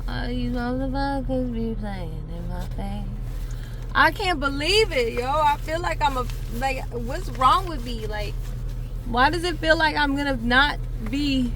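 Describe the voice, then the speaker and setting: A woman's voice: sits high, a little slow, sharp tone, slight background noise. A woman vlogging from inside her car, joking around in a playful, slangy way. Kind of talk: casual rambling selfie vlog. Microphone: camera mounted in the car.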